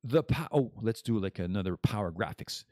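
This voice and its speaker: A man's voice: lowish voice, animated, a little fast, mellow, no echo, clean studio sound. A man hosting a podcast as a casual live stream, rambling and joking as he chats. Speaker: podcast host.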